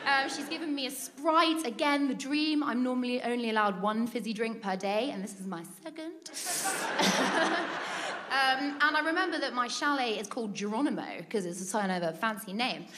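A woman's voice: high-pitched, lively intonation, moderate pace, noisy background. A British woman telling a comic personal story, chatty and laughing often, acting out what people said. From Britain.

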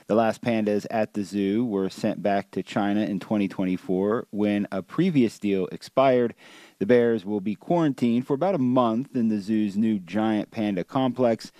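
Low, mellow man reading a news report. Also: dry recording.

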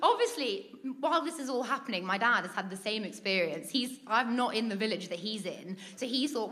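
A woman's voice: a little high, expressive, fairly quick, few pauses, pushed and bright. A British woman telling a comic personal story, chatty and laughing often, acting out what people said. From Britain.

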